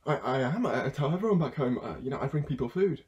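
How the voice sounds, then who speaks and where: A man's voice: medium pitch, lively intonation, quick pace, darkish tone, lo-fi sound, close to an everyday voice. A young man acting as a desperate food courier on the phone, stammering, pleading and bursting into anger. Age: young adult. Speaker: student actor. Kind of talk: theatre monologue performed online.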